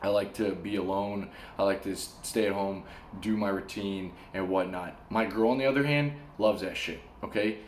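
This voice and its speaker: A man vlogging advice and stories in a casual, slangy way, sweating in a warm room with the air conditioner off. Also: lowish voice, normal speed, roomy sound, slight background noise. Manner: animated storyteller, slangy, says "bro" and "man". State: sweating from the heat.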